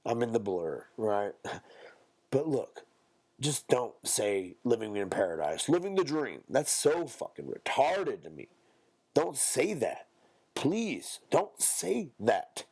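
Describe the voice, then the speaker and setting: Young male podcast co-host, gravelly, lively pitch, blunt profane ranter. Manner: blunt, profane, mocks others in a high squeaky voice. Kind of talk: casual ranting monologue.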